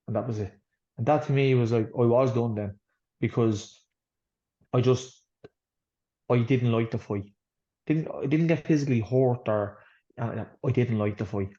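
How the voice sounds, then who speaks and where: Speaking as a guest, this Irish boxer rambles through his life story with plenty of blunt swearing. The man's voice sits mid-range and sounds mellow, captured in somewhat dull lo-fi audio.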